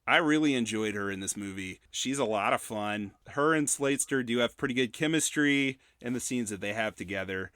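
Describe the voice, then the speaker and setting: A man's voice: mid-range voice, brisk, few pauses, a bit bright, clear, resonant tone, dry recording, clean studio sound. A man co-hosting a movie podcast, chatting casually and retelling film scenes in eager detail. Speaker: podcast co-host. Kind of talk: casual movie review chat.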